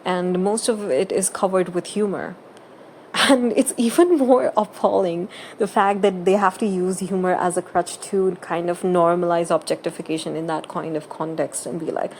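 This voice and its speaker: A woman's voice: lowish voice, normal speed, a little mellow, a little hiss or hum. A woman who makes gaming videos, talking through her opinions in casual, earnest and emphatic commentary.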